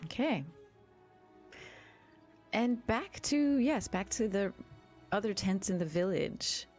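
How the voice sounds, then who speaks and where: A woman game master narrating a tabletop game in a relaxed way, guiding the players with prompts. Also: medium pitch, slow pace, soft background music.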